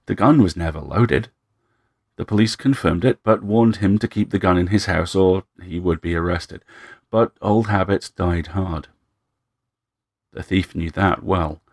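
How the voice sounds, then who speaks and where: Male narrator, very low and gravelly, measured story reading. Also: no room sound, studio quality.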